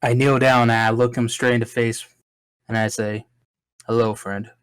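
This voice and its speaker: A man's voice: mid-range voice, flat delivery, normal speed, fairly bright tone, smooth, no echo. A man playing a tabletop game, chatting casually and joking. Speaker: player. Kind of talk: casual chat.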